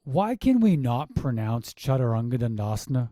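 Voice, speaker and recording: A man critiques a yoga video in a casual, exasperated way and keeps asking why. His voice sits fairly high but sounds very dark and mellow. The recording is close and dry. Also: very animated, no room sound. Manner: exasperated rhetorical questions, quick asides. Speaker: yoga teacher reviewing a class video.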